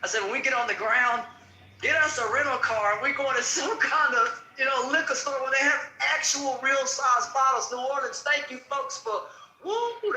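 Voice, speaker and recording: A man hosting a casual show, telling a story in an animated, laughing, colloquial way. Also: very high-pitched. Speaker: host. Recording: echoey room.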